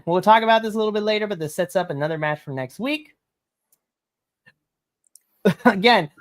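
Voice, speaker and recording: An animated woman recapping a wrestling show for a podcast, with a slightly low voice. She laughs often and slips into acted quotes of the characters as she talks. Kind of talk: casual recap chat.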